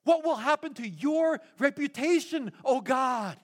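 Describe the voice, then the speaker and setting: A man's voice: very high-pitched, expressive, pitched above the performer's own voice. A man playing an exasperated, pleading Moses. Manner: indignant, rapid, incredulous.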